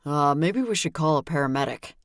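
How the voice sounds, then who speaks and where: A woman voicing a male small-town police chief in an audiobook, calm and questioning. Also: deep voice, a little fast, dry recording, studio quality.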